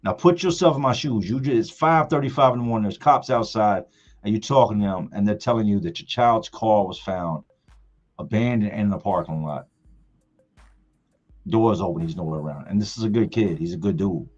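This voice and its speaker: A man in his forties, hosting a livestream, telling a personal story in a casual, emphatic, animated way. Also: fairly low pitch, brisk. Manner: emphatic, animated retelling with colloquial speech. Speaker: livestream host. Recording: muffled audio with faint music.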